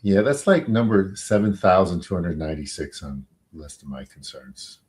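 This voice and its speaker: A man, a defense attorney being interviewed, answering in a measured, halting way with many pauses and fillers. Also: low-pitched, animated, a little mellow.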